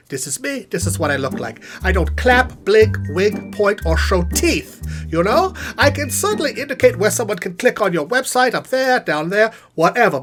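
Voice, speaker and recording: Sassy puppet professor guy as someone puts him on, voice jumps all over the place, a bit of music behind. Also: close to an everyday voice. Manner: theatrical, sassy, swooping pitch. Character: vain male puppet professor, comic spokesman. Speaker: puppet spokesman for custom videos. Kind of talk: comic scripted monologue to camera. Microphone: on-camera puppet set.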